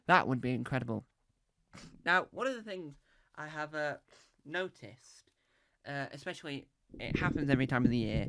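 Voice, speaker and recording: A man's voice: medium pitch, fairly bright tone, dry recording, studio quality. A man doing a rambling, playful stand-up routine on a comedy club stage, with lots of fillers and restarts.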